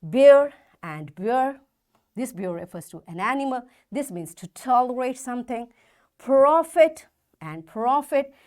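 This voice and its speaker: Animated woman teaching a slow lesson. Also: fairly high pitch. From Pakistan. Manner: slow, emphatic spelling out of words. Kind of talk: classroom lesson.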